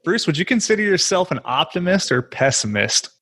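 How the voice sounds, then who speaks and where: A man's voice: fairly high pitch, sing-song, fairly quick, pushed and bright, breathy edge. A man hosting an interview podcast, asking open questions in a friendly way. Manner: friendly, asks open questions, laughs along. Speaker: podcast host. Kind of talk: casual interview.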